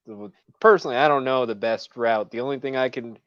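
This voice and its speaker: Man, casual chat, blunt and hesitant, smooth resonant voice, dry muffled recording. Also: medium pitch, a little fast, dry recording. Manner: hesitant, searching for words, blunt. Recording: dry, dull lo-fi audio.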